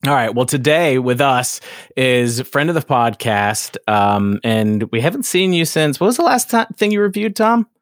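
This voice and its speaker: A man's voice: mid-range voice, sing-song, normal speed, dry recording, studio quality. A man hosting a podcast in casual chat, rambling and joking, often laughing mid-sentence. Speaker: podcast host.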